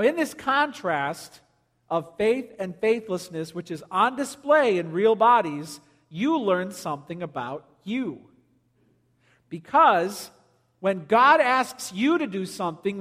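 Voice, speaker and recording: Male pastor, high voice, animated storyteller, preaching in a big reverberant church. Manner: animated storytelling, jokes with the congregation. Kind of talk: sermon. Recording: long hall reverb.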